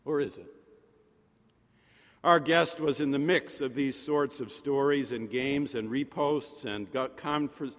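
Man preaching in a reverberant chapel. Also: mid-range voice. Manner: rhetorical, with dramatic pauses and soft drops. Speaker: pastor. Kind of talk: sermon.

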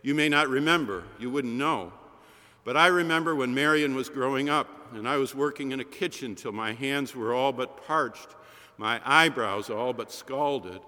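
Preacher guy doing an older mom crying happy tears, slow and tender, bright voice ringing around a big hall. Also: medium pitch, natural voice. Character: humble older mother weeping with joy.

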